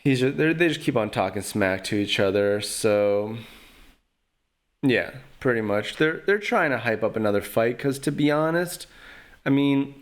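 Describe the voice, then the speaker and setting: A man's voice: medium pitch, animated, a little slow. A man hosting his own podcast, talking casually and rambling, with a trash-talking streak. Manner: rambling, trash-talking, lots of fillers like "you know". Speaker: podcast host. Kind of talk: casual solo podcast commentary.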